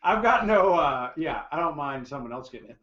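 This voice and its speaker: Lively wry man in a roomy, muffled room. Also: a little high, brisk, a crowd in the background. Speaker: guest, brother of co-host. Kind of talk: casual chat. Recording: roomy, dull lo-fi sound.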